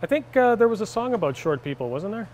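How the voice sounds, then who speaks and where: A man's voice: high-pitched, quick pace, a little hiss or hum. A man with a Canadian accent co-hosting a car review, bantering and joking as he shows the vehicle. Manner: jokey, animated asides.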